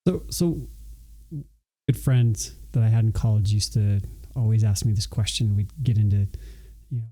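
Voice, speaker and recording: Dark-voiced man asking thoughtful questions. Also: on the low side, faint music behind. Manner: thoughtful, halting, with restarts. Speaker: podcast host. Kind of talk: interview questions.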